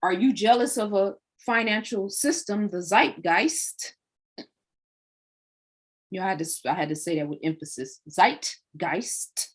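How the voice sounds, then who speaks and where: A woman's voice: mid-range voice, fast talker, few pauses, darkish tone. A woman hosting a livestream, delivering a preachy monologue full of rhetorical questions. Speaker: livestream host.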